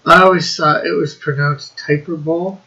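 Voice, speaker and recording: A man's voice: a little high, slow pace, sharp tone, muffled recording. A man co-hosting a casual live stream, chatting and reading out viewer comments in a drawling way. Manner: reads out chat messages, drawling.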